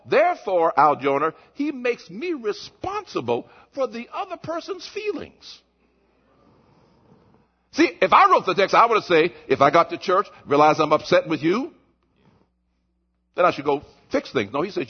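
A pastor preaching in church, a man whose high voice leaps around as he shouts one moment and drops low the next. There is a husky grain to his voice. The recording sounds dull and lo-fi. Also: huge pitch swings, normal speed. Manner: impassioned preaching, swings from shouts to low murmurs. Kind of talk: sermon. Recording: muffled lo-fi recording.

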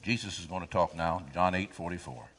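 A man preaching a sermon, reading scripture aloud and drawing the congregation in with call-and-response questions and sudden loud swells. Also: sits low, brisk, big-room sound.

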